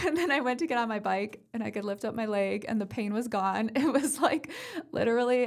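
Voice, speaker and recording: A woman hosting a podcast, telling a personal story in a chatty way and often cutting in with quick affirmations. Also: mid-range voice, vocal fry. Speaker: podcast host. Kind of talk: casual conversational podcast.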